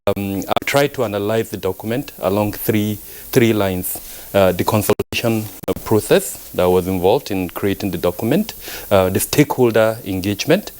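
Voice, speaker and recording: A man speaking as a security analyst guest on a live news panel, measured and hesitant, with many fillers and restarts. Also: fairly low pitch, darkish tone, low-quality recording. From Nigeria.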